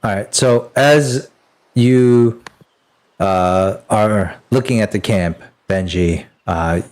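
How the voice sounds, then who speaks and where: Male game master, low-ish voice, slow unhurried delivery, loose rambling narration full of ums and restarts. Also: a little mellow.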